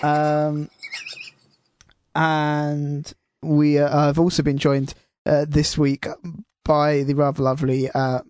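A man's voice: a little high, monotone, slow, a little mellow, a little hiss or hum. A man hosting a podcast in a laid-back, self-deprecating way, swearing casually. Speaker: podcast host.

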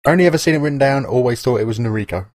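A man's voice: mid-range voice, racing, a little mellow, no echo. A man co-hosting a podcast, making wry, dry remarks. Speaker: podcast co-host. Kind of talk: casual banter.

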